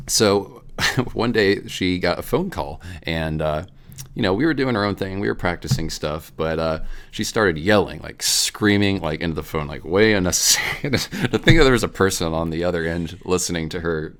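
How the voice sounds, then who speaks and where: A young man with a low, bright voice tells a high school story in a rambling, casual way. He laughs often and keeps the tone loose and chatty. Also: moderate pace. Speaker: podcast co-host.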